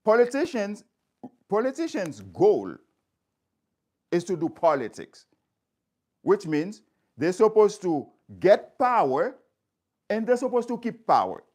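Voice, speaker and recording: Man, high voice, lively swooping pitch, emphatic address to viewers. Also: slow pace, long pauses. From Haiti. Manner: emphatic, repeats phrases for stress. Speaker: community speaker.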